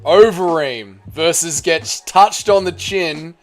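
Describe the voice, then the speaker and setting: A man hosts a live stream in a high, light voice, joking with his chat as he tallies votes. He gets loud and excitable as the counts climb. Faint music plays quietly underneath. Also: slow. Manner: excitable, calls out vote counts, banters with chat.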